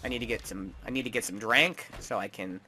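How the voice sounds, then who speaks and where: A man's voice: fairly low pitch, a little fast, bright, forceful tone, soft background music. A man commenting on his gameplay, joking and trash-talking the game's characters. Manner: taunting, joking, mock-tough trash talk. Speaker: gaming streamer.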